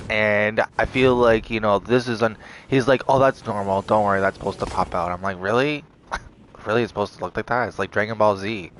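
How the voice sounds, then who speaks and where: A young man casually telling a story to the camera, animated, quoting others in a raised voice, with laughs and swearing. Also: fairly low pitch, a little hiss or hum. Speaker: vlogger.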